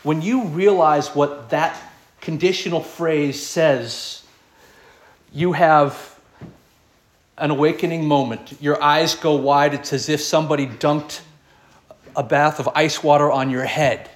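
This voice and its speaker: Male preacher, somewhat high voice, earnest sermon with rhetorical questions. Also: fairly even intonation, takes it slowly. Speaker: pastor.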